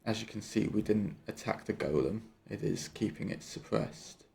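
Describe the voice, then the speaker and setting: Man, tabletop player, gravelly voice, halting questions. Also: fairly low pitch, dark tone. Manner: questioning, with stumbles and restarts. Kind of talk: casual tabletop game play.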